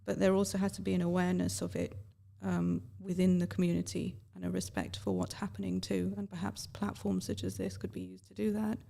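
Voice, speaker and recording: Female interview guest with a strongly gravelly, fry-heavy voice; thoughtful and hesitant. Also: fairly low pitch, lively intonation, fairly quick, few pauses, dark tone. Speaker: guest, founder of a legal organisation. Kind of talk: radio interview.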